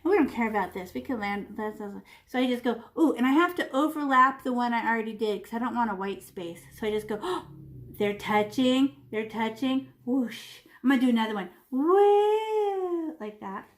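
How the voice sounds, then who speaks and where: A woman teaching children a painting lesson, talking as she paints, playful and animated with little sound effects. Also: fairly high pitch, fairly quick. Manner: talks while painting, demonstrating step by step. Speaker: art teacher.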